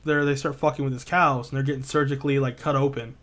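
A man's voice: mid-range voice, flat delivery, fast, fairly bright tone. A man casually retelling a spooky story, rambling with lots of filler words and swearing. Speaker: podcast co-host.

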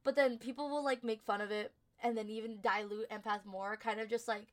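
Blunt, swearing young woman, slightly high. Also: steady tone, brisk. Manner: blunt, swears, laughs often. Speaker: podcast co-host. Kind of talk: casual chat.

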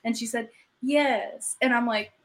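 A woman's voice: mid-range voice, normal speed, poor audio. A young woman co-hosting a podcast, telling stories in a chatty way and laughing often. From Canada. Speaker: podcast co-host. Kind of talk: casual chat.

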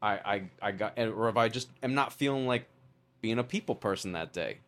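A man's voice: fairly low pitch, fairly quick. Chatty New York man telling stories. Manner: storytelling, animated, frequent laughs. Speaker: podcast guest, wedding photographer. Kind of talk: casual chat.

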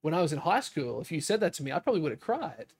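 A young man co-hosting a podcast, telling stories in a lively way, acting out quotes and swearing casually. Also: a little high, very fast, husky. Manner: animated storytelling, acts out quotes. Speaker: podcast co-host, streamer.

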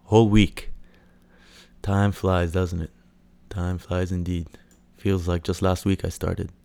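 A man's voice: deep voice, flat delivery, slow, gravelly, warm tone. A man hosting a casual solo podcast, rambling with lots of fillers, swearing and mocking impressions. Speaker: podcast host.

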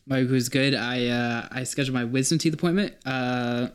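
A young man from North Carolina hosting a loose, casual podcast chat. He tells crude, rambling stories and mimics the people in them. His voice sits at an ordinary pitch for a man. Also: brisk, smooth. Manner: crude storytelling, acts out quotes. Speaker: podcast co-host.

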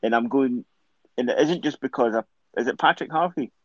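A man's voice: mid-range voice, brisk, dry recording, highs cut off. A Scottish man co-hosting a podcast in casual chat, rambling and stumbling over his words. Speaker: podcast co-host.

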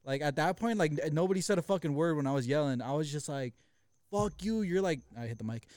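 Brief: young male podcast co-host, clear close-miked dry voice, slightly high, swears a lot while storytelling. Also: darkish tone, no echo. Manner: fast, profane, retells with quoted voices. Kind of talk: casual storytelling chat.

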